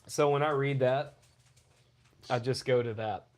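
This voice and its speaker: A man co-hosting a loose podcast, riffing and cracking crude jokes. His voice sits at an ordinary pitch, and he curses freely as he rambles. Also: steady tone, measured pace, slight background noise. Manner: crude, joking, loud bursts, profanity. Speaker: podcast co-host. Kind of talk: casual podcast banter.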